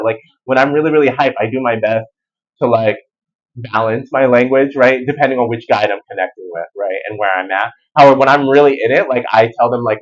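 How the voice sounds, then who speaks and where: A man giving a casual spiritual tarot reading, animated and rambling in everyday slang. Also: medium pitch, a little fast, lo-fi sound. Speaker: tarot reader.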